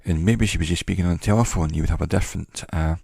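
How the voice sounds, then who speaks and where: A man giving an educational talk in a measured, reflective way, pausing often between phrases. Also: low-pitched, creaky, darkish tone, slightly rough, dry recording, studio quality. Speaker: teacher. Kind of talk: educational monologue.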